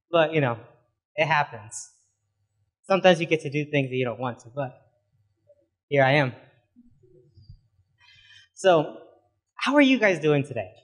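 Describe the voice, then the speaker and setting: A young adult man preaching a sermon as a pastor, conversational and informal, often filling pauses with "you know". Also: fairly high pitch.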